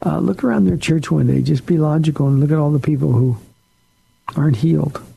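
A man's voice: fairly high pitch, fairly quick, creaky, dark tone, husky, low-quality recording. A pastor on a call-in radio show, a man answering listener questions in an earnest, plain-spoken way.

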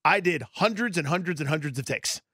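A man on a sports radio show, playful and rambling as he explains himself. His pitch swings widely and sits slightly high. The studio sound is dry and close. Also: lively intonation, brisk, a bit bright, dry recording. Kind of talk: casual radio chat. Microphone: studio microphone.

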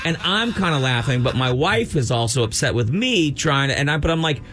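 A radio show co-host with a medium-pitched voice and brisk delivery tells a long, funny story during casual chat. He's an animated storyteller who acts out the voices of the people involved.

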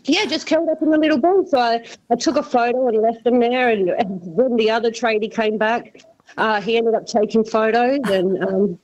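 A woman's voice: a little high, normal speed, darkish tone. Woman calling in, phone line. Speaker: caller. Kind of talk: phone-in story.

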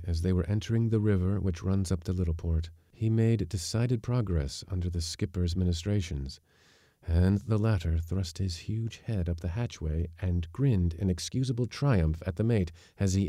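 A man reading a short story aloud as a podcast narrator, with measured, even storytelling. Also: sits low, dry recording, clean studio sound. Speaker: audiobook narrator. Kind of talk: scripted narration.

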